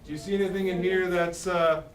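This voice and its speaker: A man's voice: high voice, steady tone, a little fast, a crowd in the background. A man with a Philadelphia accent teaching a class, constantly asking "okay?" and "right?" as he goes. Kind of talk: classroom lesson. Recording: echoey classroom, mic far off, faint room noise.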